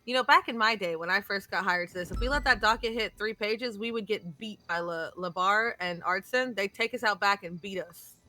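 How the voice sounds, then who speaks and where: A woman's voice: medium pitch, a little fast, few pauses, sharp tone, a little hiss or hum. A woman from New England playing a judge in a casual roleplay, joking and rambling a little.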